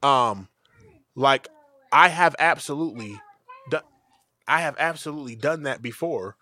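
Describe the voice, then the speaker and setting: A young man co-hosts a casual podcast, swearing freely and acting out every voice in his story. His pitch is mid-range and his delivery is animated. The sound is dry and close to the mic. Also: unhurried, no room sound. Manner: animated, profane, acts out dialogue. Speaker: podcast co-host.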